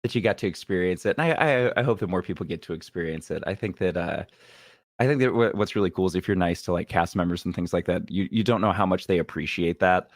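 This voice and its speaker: A young adult man, a comedian guest, telling stories in a casual interview, lively and quick to laugh. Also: deep voice, dry recording, studio quality. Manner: animated, laughs often, acts out quoted people.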